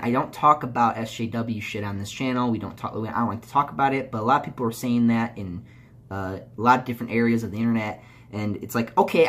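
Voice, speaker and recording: A man's voice: medium pitch, a bit bright, slight background noise. A young man doing a casual movie review, rambling through restarts and fillers and swearing as he gets heated. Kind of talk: casual video review rant.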